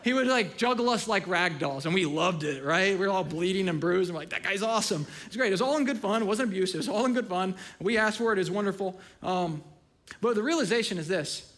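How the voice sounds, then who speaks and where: A man in his thirties, a pastor giving a sermon in a conversational, storytelling way that swings between loud excitement and quiet, hushed asides. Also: sits high, quick pace.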